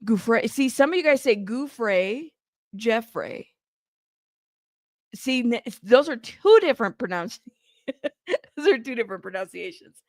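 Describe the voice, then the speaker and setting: A woman's voice: fairly high pitch, very animated, moderate pace, dry recording, studio quality. A woman hosting a news livestream in casual chat, talking straight to her viewers and laughing at herself.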